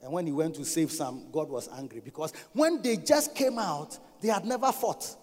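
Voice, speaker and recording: A man preaching a sermon, swinging between loud emphatic bursts and quiet asides. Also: fairly high pitch, expressive, normal speed, in a large hall. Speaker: pastor.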